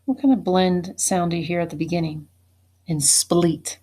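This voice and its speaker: A woman teacher giving a spelling test, saying each word slowly and deliberately and then saying it again. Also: lowish voice, fairly even intonation, warm tone. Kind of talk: slow spelling dictation.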